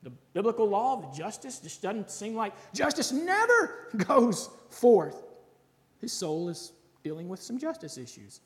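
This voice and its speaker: A man preaching a sermon, reading scripture with dramatic rises in loudness and pitch and dropping to soft, casual asides with fillers. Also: animated, measured pace. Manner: conversational with occasional laughs and fillers. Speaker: pastor. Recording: long hall reverb.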